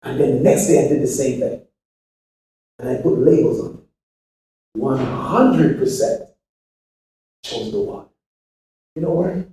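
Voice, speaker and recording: A man giving a motivational speech to a live audience. He swings from shouted appeals to hushed, preachy lines and keeps firing rhetorical questions. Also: medium pitch. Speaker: motivational speaker to students. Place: large echoey hall with an audience. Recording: very echoey hall from far off.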